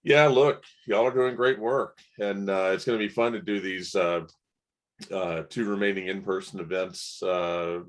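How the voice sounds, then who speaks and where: A man hosting a virtual conference over a video call, relaxed and friendly. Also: sits low. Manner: relaxed, friendly, thanks guests. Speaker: event host.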